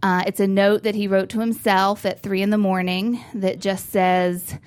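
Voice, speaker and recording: A woman's voice: mid-range voice, flat delivery, normal speed, darkish tone, clear, resonant tone. A young woman doing a stand-up set, laughing between jokes and stretching out her punchlines. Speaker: stand-up comedian.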